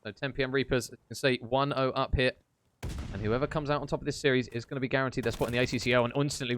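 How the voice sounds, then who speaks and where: A young man giving live esports play-by-play as a caster, chatty and quick to banter between rounds. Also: mid-range voice, fairly even intonation, fairly bright tone, a little hiss or hum.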